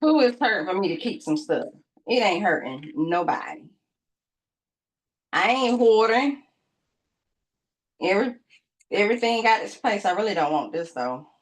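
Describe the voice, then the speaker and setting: This craft channel host talks a little slowly with long pauses, her fairly low voice full of expression. In a casual vlog, she playfully teases her viewers with mock drama. She keeps it colloquial and addresses them as "y'all."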